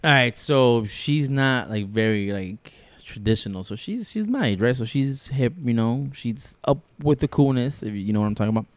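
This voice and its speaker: A man's voice: mid-range voice, animated, normal speed, few pauses, dry recording. A man in his thirties from Chicago, co-hosting a podcast in loose, rambling casual chat with plenty of swearing. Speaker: podcast co-host.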